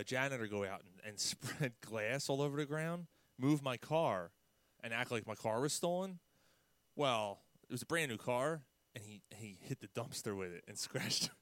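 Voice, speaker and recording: A man telling prank stories in casual chat, animated, with loud mimicked outbursts. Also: mid-range voice, clean tone, dry recording. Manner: animated storyteller, loud mimicked outbursts, laughs mid-story.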